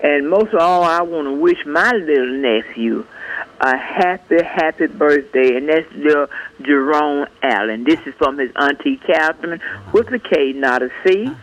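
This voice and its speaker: A woman's voice: deep voice, animated, moderate pace, poor audio. A woman calling a radio show, easygoing and folksy as she sends birthday wishes to family. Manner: easygoing, folksy well-wishing. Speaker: caller. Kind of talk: phone call-in chat.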